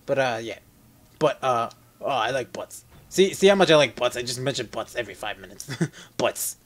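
A man giving casual let's play commentary, joking and rambling, with sudden loud yelps, while sick. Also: mid-range voice, lively intonation, normal speed. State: sick, on medication.

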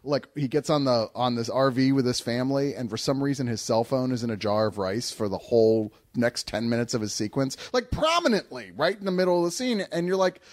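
A man reviewing a film with friends, his pitch swinging lively up and down as he talks. He laughs often and swears casually. The sound is close and dry, with little room in it. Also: brisk, few pauses, no echo. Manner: animated, laughing, swearing freely. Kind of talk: casual roundtable movie review.

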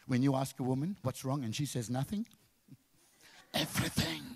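A man from Malaysia, performing an animated stand-up routine on a comedy contest stage and jumping into high, exaggerated voices. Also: a little fast, slightly rough, dry recording.

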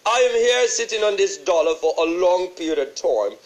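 A man's voice: sits high, lively intonation, normal speed, rough recording. Jamaican man as a chatty old banknote statesman, forgetful, voice bouncing up and down. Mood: rambling. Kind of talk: comedic impression.

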